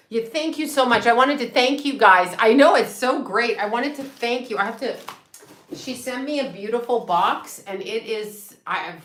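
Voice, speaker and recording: Chatty excitable woman in echoey room. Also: mid-range voice. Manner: chatty and excitable, swears freely, laughs often. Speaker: psychic medium and astrologer livestream host. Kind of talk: casual livestream chat. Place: home room with a set. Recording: echoey room with faint noise.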